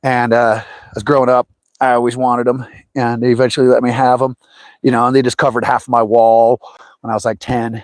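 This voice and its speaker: This middle-aged man talks a little fast at medium pitch while hosting a fishing livestream, drifting through casual anecdotes and animating quotes with lively voices. There's no echo.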